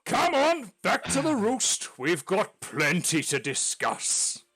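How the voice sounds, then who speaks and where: A man voicing a burly eagle-like elder, a boisterous warrior with a huge booming voice. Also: wildly swooping pitch, slow, husky, heavily acted. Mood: hearty booming. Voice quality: booming, loud.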